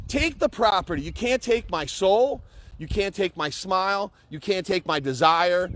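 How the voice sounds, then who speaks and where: A man's voice: sits high, a bit bright, a little hiss or hum. A middle-aged man giving an impassioned, blunt pep talk to camera, emphatic, repetitive and peppered with swearing. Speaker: motivational vlogger.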